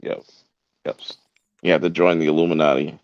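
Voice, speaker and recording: A man's voice: rumbling low, flat delivery, brisk, no room sound, highs cut off. A man co-hosting a casual live-stream chat, laid-back and throwing in joking asides. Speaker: podcast co-host.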